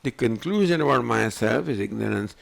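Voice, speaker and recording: A man's voice: medium pitch, fairly quick, creaky. An older man giving a spiritual lecture on scripture, questioning his listeners again and again. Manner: questioning, rhetorical, animated. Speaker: swami teaching scripture.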